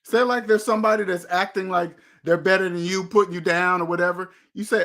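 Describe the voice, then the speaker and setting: Guy with a high-pitched voice lecturing about money, preachy, keeps hammering the same line. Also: steady tone, fairly quick, a bit bright. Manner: preachy, emphatic, repeats himself. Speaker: host. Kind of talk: motivational money talk.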